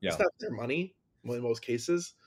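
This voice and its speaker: A man's voice: mid-range voice, lively intonation, moderate pace, gravelly, slightly rough. A man hosting a podcast in casual conversation, enthusiastic and often repeating words as he talks. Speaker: podcast host. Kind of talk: casual interview talk.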